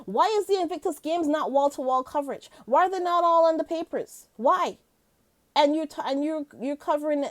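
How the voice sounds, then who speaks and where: Animated, high-voiced woman vlogger. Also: brisk. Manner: animated, chatty, laughs often, rhetorical questions. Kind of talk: casual reaction commentary.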